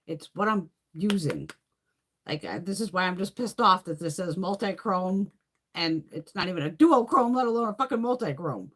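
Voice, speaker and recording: Animated woman swearing through a rambling chat. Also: on the low side, moderate pace, noisy background. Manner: reads and answers viewer comments. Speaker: beauty video creator. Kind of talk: casual live-stream chat.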